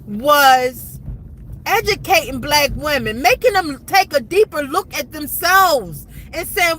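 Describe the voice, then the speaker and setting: High-pitched woman vlogger with a sharp, bright voice, ranting urgently to her viewers with a faint hiss behind her. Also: lively intonation, measured pace, poor audio. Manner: repetitive, urgent, addresses viewers as guys. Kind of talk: emotional commentary to camera.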